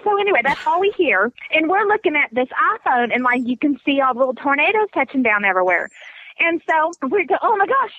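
High bright woman on a muffled line. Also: fast talker, dry recording. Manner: rambling, animated, laughs often. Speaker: podcast co-host. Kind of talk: casual storytelling chat.

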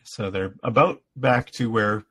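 Low-voiced man recapping a story. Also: measured pace, slightly rough. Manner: relaxed, laughs often while retelling. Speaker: podcast co-host. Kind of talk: casual chat recapping a story.

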